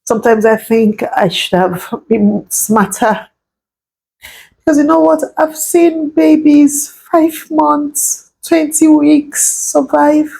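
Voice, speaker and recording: Tearful woman in her thirties, vlog confession; slow, husky, a low warm fry. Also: poor audio. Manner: slow, halting, grieving. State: tearful, crying at times. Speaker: vlogger sharing a personal story. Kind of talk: emotional personal storytelling.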